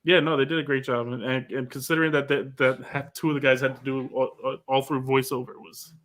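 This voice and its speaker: Male podcast guest, bright forward tone, excitable and stumbling. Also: mid-range voice, quick pace. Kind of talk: casual podcast chat.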